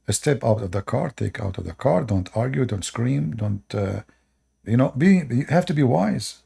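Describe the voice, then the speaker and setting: A man's voice: mid-range voice, expressive, normal speed, creaky, mellow, breathy edge. A man hosting an online channel, lecturing viewers in non-native English, repeating short commands and asking rhetorical questions. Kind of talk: preachy advice monologue to viewers.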